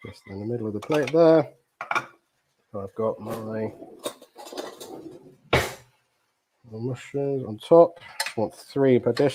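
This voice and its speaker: A man cooks live against the clock, his mid-pitched voice flustered and breathless as he rushes. Once he slows down he explains his dishes in a chatty way, full of ums, over a faint bed of noise. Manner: flustered and breathless under time pressure, then chatty explaining with many ums. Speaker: chef hosting a live cooking challenge. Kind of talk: live cooking demonstration.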